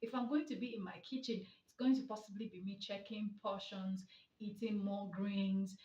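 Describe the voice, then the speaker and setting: A woman's voice: mid-range voice, fairly even intonation, moderate pace, dark tone. Emphatic woman speaker, echoey and distant. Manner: emphatic and rhetorical, with mocking asides. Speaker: motivational speaker and therapist. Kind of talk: motivational talk. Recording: echoey, distant, dull sound.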